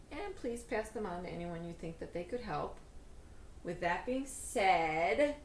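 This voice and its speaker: A woman's voice: mid-range voice, a little hiss or hum. Bubbly woman host in an echoey kitchen. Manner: bubbly, self-deprecating, rambling with fillers. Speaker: host of a cooking show. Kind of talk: casual cooking vlog chat.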